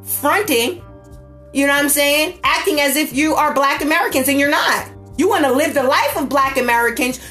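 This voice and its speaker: A woman delivering an impassioned, profane political rant, repeating herself and shouting at times. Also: very high voice, roomy sound. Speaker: political commentator.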